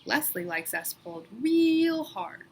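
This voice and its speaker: A woman voicing a talking pigtail that coaxes a boy, in a slow, sly, wheedling drawl. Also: on the high side, big pitch swings, a little mellow, slight background noise, voice pushed up, exaggerated voice.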